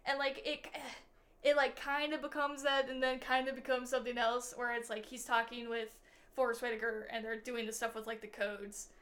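A woman's voice: on the high side, little pitch movement, moderate pace, fairly bright tone. A young adult woman co-hosting a podcast, chatting casually about a movie, full of "like" and acted-out quotes. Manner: chatty, lots of "like", acts out quotes. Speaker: podcast co-host. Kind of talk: casual movie review chat.

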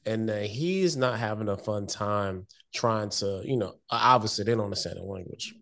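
A man co-hosting a TV review podcast, recapping scenes in relaxed slang. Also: lowish voice, moderate pace, gravelly. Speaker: co-host of a TV review show. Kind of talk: casual recap chat.

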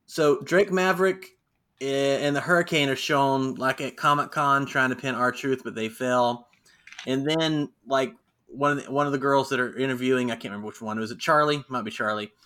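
A man co-hosts a podcast with a bright, forward tone. He recaps events in a chatty, storytelling way and acts out the quotes. His pitch sits in the middle for a man. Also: normal speed. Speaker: podcast co-host. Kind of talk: casual wrestling recap chat.

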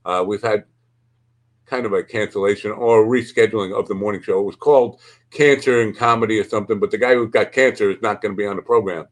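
Low-voiced joking man host. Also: steady tone, fast. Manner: rambling, joking, crude. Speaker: podcast host. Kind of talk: casual chat.

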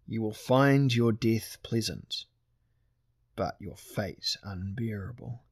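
A man voicing a jovial, gnarled male giant executioner who speaks slowly and mockingly, in a husky voice. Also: lowish voice, dry recording, clean studio sound, full character voice.

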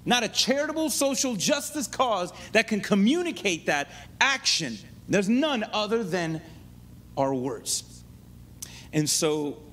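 A man preaching a sermon in an animated way, often checking in with his listeners. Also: high voice, slight background noise.

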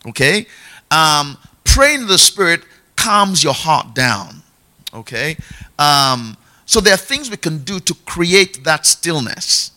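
A man's voice: fairly high pitch, very animated, slow pace, pushed and bright. A middle-aged man preaching a sermon in a conversational teaching style, repeating key phrases and checking in with his listeners. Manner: conversational, checks in often with "yeah?" and "okay?".

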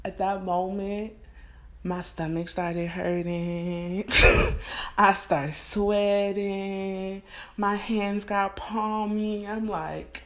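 A woman's voice: medium pitch, very slow. A woman in her twenties from California telling a personal story straight to camera, frank and slangy, laughing often. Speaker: storyteller vlogger. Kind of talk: candid storytime monologue.

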